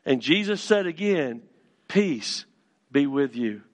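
A man preaching a sermon as pastor in a church, moving from storytelling to fervent, shouted calls to his congregation. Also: fairly high pitch, animated, slow pace, big-room sound. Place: church sanctuary.

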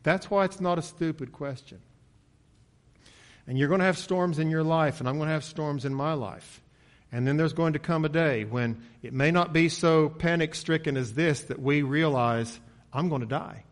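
A man preaching a sermon in a conversational way, asking rhetorical questions and swinging loud when acting out frightened voices. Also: fairly high pitch, normal speed. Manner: rises sharply and loud when voicing panicked disciples, drops soft at line ends.

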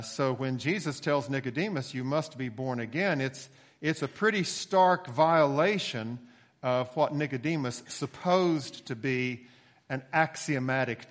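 A man preaching a sermon, measured and deliberate, slowing down to stress key phrases. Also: mid-range voice, big-room sound. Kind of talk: sermon with scripture reading.

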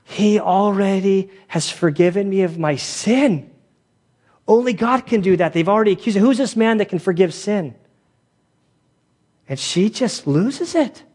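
Chatty, animated preacher man. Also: high voice, measured pace. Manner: animated storytelling, acts out quoted voices; loose, chatty phrasing with many fillers. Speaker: pastor and police chaplain. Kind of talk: conversational sermon.

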